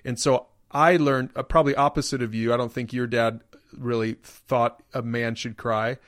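A man's voice: medium pitch, flat delivery, moderate pace, no room sound, clean studio sound. A man hosting a podcast, asking questions and encouraging his co-host. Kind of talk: casual podcast conversation.

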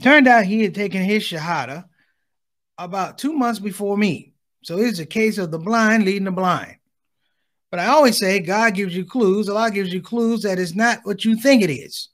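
A middle-aged man performing stand-up, his voice high and full of swings up and down. He slips in and out of impressions of his mother and father as he tells the story. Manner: animated, acts out voices of his parents. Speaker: stand-up comedian.

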